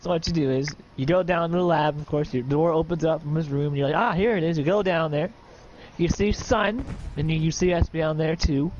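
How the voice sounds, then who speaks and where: A man's voice: fairly high pitch, brisk, darkish tone, dull audio, slight background noise. A man narrating an improvised pirate role-play story as game master, in a rambling, casual way. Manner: rambling, casual, laughs often.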